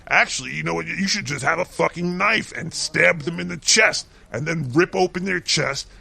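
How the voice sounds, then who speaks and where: A man with a heavily gravelly, sharply bright voice rants and swears nonstop, mocking everything in a comedic talk-show segment. He sits a little above the usual male pitch. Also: moderate pace. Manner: ranting, swears constantly, mocking. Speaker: co-host doing a segment. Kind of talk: profane comedic rant.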